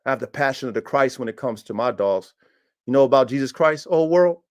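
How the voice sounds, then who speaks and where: A man's voice: medium pitch, expressive, a little fast. A man hosting a livestreamed dog podcast, talking in a boastful, confrontational way with emphatic slang. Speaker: podcast host and dog breeder. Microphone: streaming setup.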